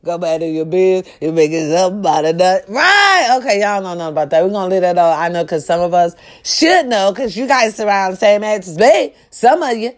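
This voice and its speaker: A middle-aged woman chatting casually and loudly to her viewers, swearing freely and breaking into snatches of song. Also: medium pitch, a little fast, few pauses. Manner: loud, profane and animated, with sung snippets. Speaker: live-stream host.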